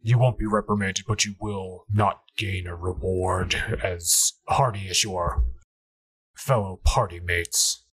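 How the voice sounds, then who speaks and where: A man as an aging hooded elf cultist who talks down to those beneath him. The voice is cold and imperious and gives curt orders with no warmth at all. It is a tabletop role-play character in a cult of hooded figures. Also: sits low, fairly even intonation, slow pace, breathy edge, pitched below the performer's own voice, full character voice, rough recording. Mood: scornful. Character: haughty older male elf cultist, hooded, commanding.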